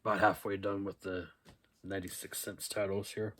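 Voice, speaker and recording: A man's voice: sits low, moderate pace. A young man casually going over his thrift-store movie finds, rambling with lots of fillers. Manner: relaxed and rambling, with many "uh" and "um" fillers. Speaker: thrift haul vlogger. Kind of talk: casual haul video, reading out DVD titles and cast lists.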